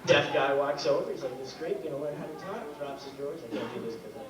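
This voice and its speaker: A man's voice: on the high side, racing, crowd noise. A young man in his late teens emceeing a school variety show, telling a joke and acting out the voices in it. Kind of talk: stage comedy banter and joke telling. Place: school auditorium stage. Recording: echoey hall from far off, noisy.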